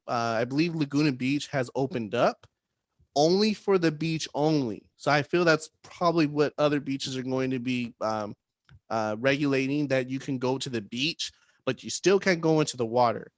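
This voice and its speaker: A man co-hosting a casual real estate podcast in an upbeat, jokey way, often tagging his points with a quick "right?". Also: mid-range voice, no room sound.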